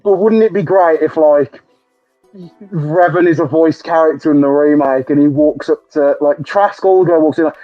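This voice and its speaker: A British man hosting a podcast, chatting excitably with lots of laughter and swearing. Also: a little high, moderate pace, lo-fi sound, faint music behind. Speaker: podcast host. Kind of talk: casual chat.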